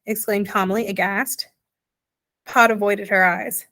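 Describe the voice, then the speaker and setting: A woman narrating a children's storybook in a calm, even manner. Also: medium pitch, moderate pace. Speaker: audiobook narrator.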